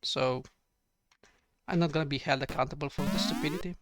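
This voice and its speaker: A man's voice: a little high, brisk, no echo, studio quality. A man giving ranting gameplay commentary, exasperated and sarcastic, swearing often. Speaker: let's play gamer.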